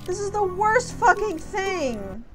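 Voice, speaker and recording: A woman livestreaming a video game rants angrily, swearing loudly about a fight she keeps losing. Her voice is extremely high and sing-song, and she speaks slowly. The audio is poor, with game music playing under her voice.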